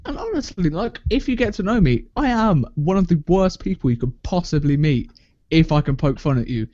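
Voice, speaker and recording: A young man chats crudely on a podcast, boasting and laughing. His pitch swings widely as he tells stories. The recording is dry and slightly muffled. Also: lively intonation, fairly quick, warm tone, no room sound. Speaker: podcast co-host. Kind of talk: casual chat. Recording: dull lo-fi sound, dry.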